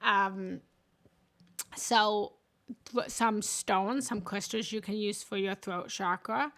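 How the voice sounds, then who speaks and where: Gravelly-voiced woman spiritual coach. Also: mid-range voice, steady tone, takes it slowly, a bit bright. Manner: chatty, self-interrupting, laughs at herself. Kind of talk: casual live teaching on chakras.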